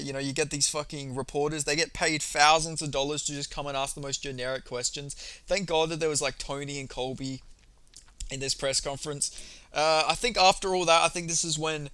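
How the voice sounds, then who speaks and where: A young man recapping a press conference in a casual, excitable monologue, swearing freely and rambling through lots of fillers. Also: fairly high pitch, clear, resonant tone, dry recording. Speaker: MMA commentary vlogger.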